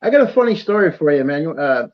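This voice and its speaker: A man's voice: fairly high pitch, big pitch swings, quick pace. Rambling man with a lo-fi sound. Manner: rambling, laughs through his stories, many fillers. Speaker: storyteller in casual conversation. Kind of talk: casual chat. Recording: dull lo-fi audio.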